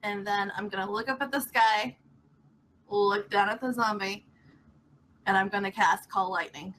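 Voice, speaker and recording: A woman's voice: mid-range voice, normal speed, fairly bright tone, a little hiss or hum, low-quality recording. A woman playing a tabletop game, describing her character's moves step by step. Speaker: player.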